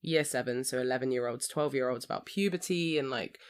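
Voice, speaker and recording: Woman, low voice, animated laughing storyteller, casual podcast co-host. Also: a little fast, smooth. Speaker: occasional co-host.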